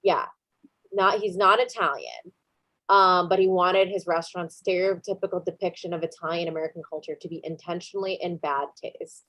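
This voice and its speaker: A woman's voice: on the low side, a little fast, fairly bright tone, no room sound. A woman hosting a podcast in casual chat, joking and asking playful questions. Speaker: podcast host.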